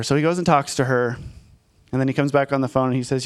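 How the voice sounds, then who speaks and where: A man's voice: mid-range voice, fairly even intonation, quick pace, clean tone. A man in his thirties, a pastor telling a personal story in a candid, self-deprecating conversational sermon to his congregation.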